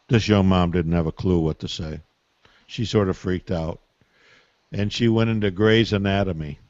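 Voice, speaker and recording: A man's voice: lowish voice, normal speed, darkish tone, dry recording. An older man, a parenting expert, giving advice on a call-in Q&A with folksy stories and emphatic asides. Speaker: parenting expert answering listener questions. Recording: dull, muffled call audio.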